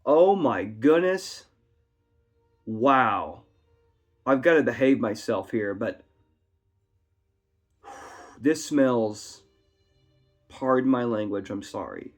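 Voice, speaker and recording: A man's voice: medium pitch, slow, long pauses. A man giving a rambling, chatty whiskey tasting review at home, full of asides. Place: his home. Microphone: camera on a tripod. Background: faint classical music.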